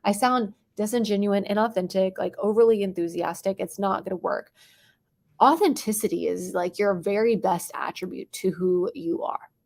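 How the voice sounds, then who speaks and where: A young adult woman coaching on sales tonality, talking quickly and dropping into whispers or bright bursts to show different tones. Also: mid-range voice, creaky. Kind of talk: teaching sales tonality to a live chat audience.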